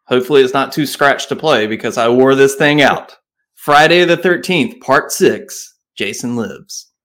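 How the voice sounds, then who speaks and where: A man's voice: medium pitch, unhurried, a bit bright. A man with a Southern accent, co-hosting a podcast in a laid-back, rambling casual chat. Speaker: podcast co-host.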